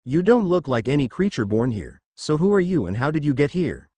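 A man voicing a proud, calm old male dragon chronicler who speaks in a measured, formal way. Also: fairly high pitch, breathy edge, dry recording.

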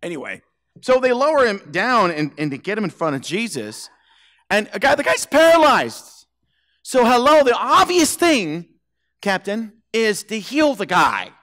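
Animated, high-voiced male preacher. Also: unhurried. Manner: playful storytelling, acts out voices, laughs often. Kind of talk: animated sermon with acted-out scenes. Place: church sanctuary.

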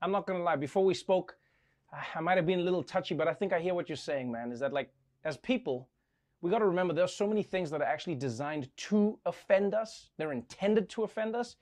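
A man's voice: high-pitched, lively intonation, fast, a little mellow. A man hosting a comedic late-night segment, wry and playfully flustered, stammering in the banter. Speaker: host.

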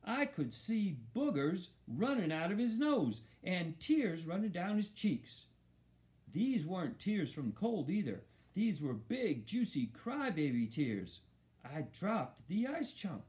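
A man reading a children's novel aloud in first person. His voice runs fairly high and swings up and down with the story. The telling is lively and expressive. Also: takes it slowly. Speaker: audiobook narrator. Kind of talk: storybook narration.

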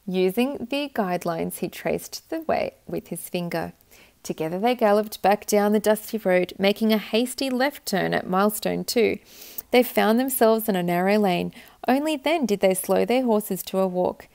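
A woman reading a children's picture book aloud with gentle, expressive narration. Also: medium pitch, moderate pace, vocal fry. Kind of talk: storybook read-aloud.

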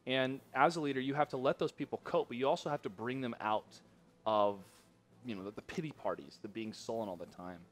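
A man casting a live esports match, chatty and easily excited, jumping up loud when surprised. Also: mid-range voice, brisk. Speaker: esports caster. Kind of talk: esports play-by-play commentary.

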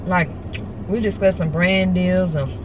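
A woman's voice: fairly low pitch, unhurried, background noise. Chatty middle-aged woman vlogger. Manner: chatty, animated, addresses viewers as y'all. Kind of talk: casual chatty vlog.

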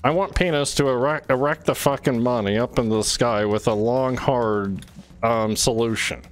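A man's voice: mid-range voice, normal speed. A man streaming a game, ranting and swearing in exasperated, repetitive bursts. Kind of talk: frustrated gameplay commentary. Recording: faint music behind.

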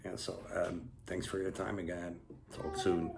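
A man giving a relaxed, rambling guided breathing lesson, full of fillers and restarts. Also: low-pitched, a little slow, vocal fry, background noise. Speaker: breathwork instructor.

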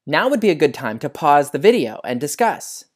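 A man's voice: on the high side, moderate pace, husky. A man hosting an educational science video for children, talking outdoors by some trees and putting questions to the viewer. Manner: animated, asks the viewer questions. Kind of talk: educational video lesson for kids.

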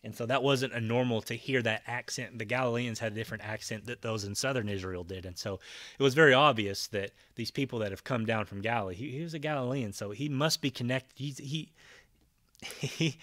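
A man's voice: medium pitch, fairly quick, fairly bright tone, no room sound, studio quality. A man preaching a conversational Bible-teaching sermon, retelling scenes with voiced quotes and frequent fillers and restarts. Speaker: pastor.

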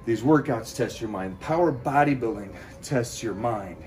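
A man's voice: medium pitch, animated, moderate pace, darkish tone, soft background music. A man talking to his viewers in a motivational vlog while doing cardio, out of breath and rallying them to push on. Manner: pep-talk, addresses viewers directly. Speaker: fitness vlogger.

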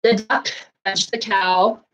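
A woman's voice: mid-range voice, slow, poor audio. A woman library storyteller reading picture books aloud to young children, asking them questions as she goes, with an occasional cough. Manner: animated, asks young listeners questions. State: coughing now and then.

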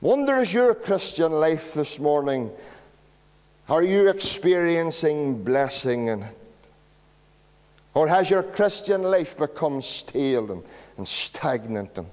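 A Northern Irish pastor preaching a sermon, telling homely stories in a lively way. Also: male voice, fairly high pitch, slow pace. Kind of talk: storytelling sermon. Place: church. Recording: long church reverb.

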